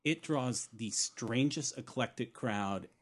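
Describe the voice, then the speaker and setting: A man's voice: medium pitch, slow pace. A man co-hosting a casual podcast, chatty and laughing often, trailing off with fillers. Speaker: podcast co-host. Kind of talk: casual chat.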